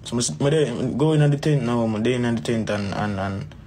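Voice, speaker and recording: A man's voice: mid-range voice, moderate pace, dark tone, a little hiss or hum. A man with a Jamaican accent telling a personal story in a rambling, casual way, repeating phrases and calling the listener "bro". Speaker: dancehall artist.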